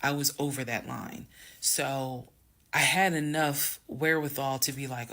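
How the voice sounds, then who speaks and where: Emphatic woman with gravelly creak. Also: a bass voice, steady tone, unhurried, a bit bright. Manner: emphatic, dramatic, talks straight to viewers. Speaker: storyteller. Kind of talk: casual storytime monologue.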